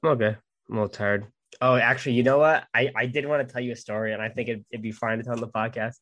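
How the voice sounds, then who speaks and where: A man's voice: mid-range voice, racing. Guy co-hosting a podcast, tells stories all worked up, swears constantly. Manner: animated storyteller, swears a lot, acts out voices. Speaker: podcast co-host. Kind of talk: casual storytelling chat.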